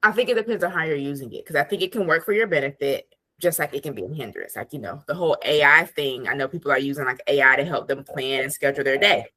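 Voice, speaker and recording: A woman guest, an attorney and productivity coach, chatting casually on a podcast with lots of "like" and animated asides. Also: deep voice, fast talker. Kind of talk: casual interview chat.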